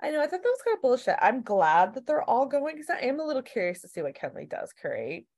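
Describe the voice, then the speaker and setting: A woman in casual chat recapping a TV show, animated and swearing freely as she acts out quotes. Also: high-pitched, fast. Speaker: podcast co-host.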